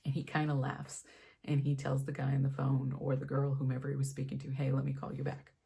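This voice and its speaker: A young woman tells a long personal story while she does her makeup on camera, and she slips into the voices of the people in it. Her voice is gravelly and husky, with a dark, mellow tone. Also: rumbling low, a little fast. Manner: animated storyteller, acts out quoted voices. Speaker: beauty vlogger.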